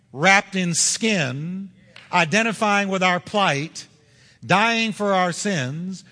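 A man preaching a sermon as pastor, driving points home with repetition and slowing down on key words. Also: high voice, sharp tone, in a large hall.

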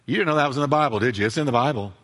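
A man's voice: mid-range voice, racing, a bit bright, long reverb tail. A man preaching a sermon as pastor, emphatic, repeating key phrases and acting out both sides of conversations.

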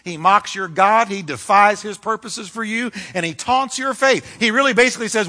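A male pastor delivering a fiery, emphatic sermon, swinging between loud declarations and hushed lines. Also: sits high, expressive, brisk, few pauses. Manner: fiery, emphatic preaching with dramatic shifts.

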